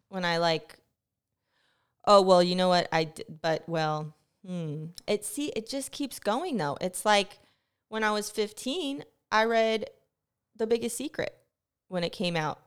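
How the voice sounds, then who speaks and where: A woman's voice: mid-range voice, clear, resonant tone. A young woman hosting a podcast, telling a rambling, profane story in a casual monologue, her close mic catching her breathing. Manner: profane, animated storytelling, rushes then slows. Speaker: podcast host. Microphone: close mic picking up breathing.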